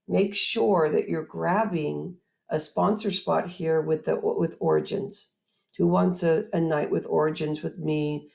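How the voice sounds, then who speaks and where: A woman hosting a motivational talk, speaking straight to her audience in an animated, upbeat way. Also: deep voice, gravelly. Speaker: host.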